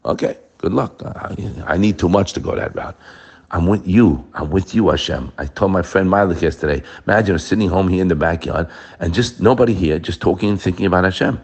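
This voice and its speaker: A man's voice: deep voice, a little fast, husky. A middle-aged man giving a short daily Torah talk, preaching with emphasis and weaving in Hebrew quotations. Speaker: Torah teacher.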